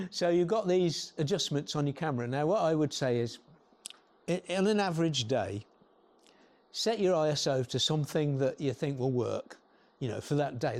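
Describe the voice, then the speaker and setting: An older man giving an informal, rambling talk to a photography club, often clearing his throat and restarting sentences. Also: fairly high pitch. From England.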